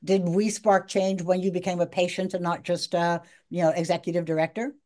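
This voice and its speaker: A woman's voice: fairly low pitch, flat delivery, brisk, a little mellow. A woman interviewing a guest, attentive and supportive, asking thoughtful follow-up questions. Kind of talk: casual interview conversation.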